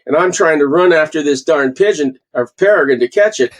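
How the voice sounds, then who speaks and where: Older man, from canada, higher-pitched voice, animated storyteller, podcast guest. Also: fairly quick. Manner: animated storyteller, acts out quotes. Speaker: guest falconer. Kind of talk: casual storytelling interview.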